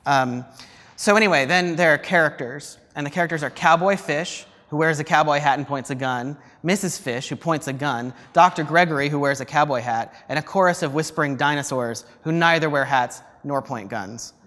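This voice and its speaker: Guy giving a museum artist talk, kinda halting, lots of ums, highish voice, big echoey room. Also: fairly bright tone. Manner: hesitant, with many ums and restarts. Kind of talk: lecture and script reading. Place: museum lecture space. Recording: reverberant hall.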